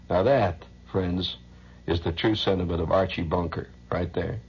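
A man's voice: low-pitched, a little fast, breathy edge, lo-fi sound. A man hosting a radio show, rambling through a loose monologue, chuckling often and humming nonsense syllables. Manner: rambling, chuckling, hums sing-song nonsense. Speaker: radio host.

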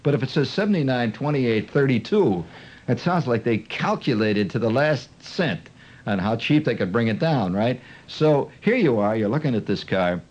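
A man telling a rambling, mocking stand-up story in an animated way. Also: mid-range voice, normal speed. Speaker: comedian.

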